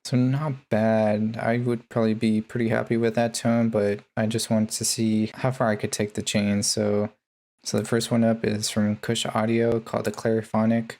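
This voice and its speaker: A man talking through his bass mixing chain in a casual tutorial, laid-back and full of ums and uhs. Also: monotone, moderate pace, a little mellow. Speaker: music producer.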